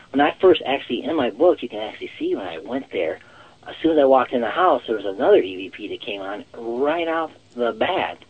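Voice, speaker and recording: A man's voice: mid-range voice, phone-quality sound. A man talking as a psychic guest in a casual interview, rambling and leaning on the word "actual" again and again. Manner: rambling, repeats "actual" often.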